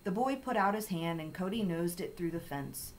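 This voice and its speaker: A woman with a low voice reads a children's chapter book aloud in calm, steady storytelling. A faint hiss sits under the recording. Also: normal speed, poor audio. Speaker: story reader.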